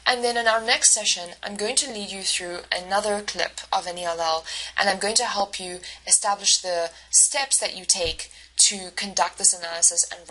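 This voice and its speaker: A woman's voice: mid-range voice, pushed and bright, low-quality recording. A woman instructor giving a recorded lecture, explaining step by step with frequent fillers and self-corrections. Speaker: university instructor.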